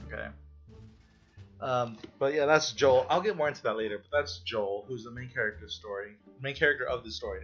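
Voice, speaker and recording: A young man rambles through a casual review, blunt and quick to swear when something annoys him. The recording is dull and lo-fi, with faint music underneath. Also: medium pitch, a bit bright. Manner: rambling, blunt and profane, with exasperated outbursts. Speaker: online reviewer.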